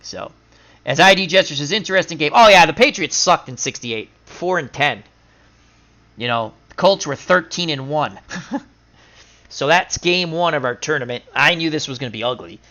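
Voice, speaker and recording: A man's voice: a little high, expressive, sharp tone. Chatty man recapping a game. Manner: chatty, recaps stats in quick lists, laughs at his own losses. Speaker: game streamer. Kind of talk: casual stream commentary. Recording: dull lo-fi sound.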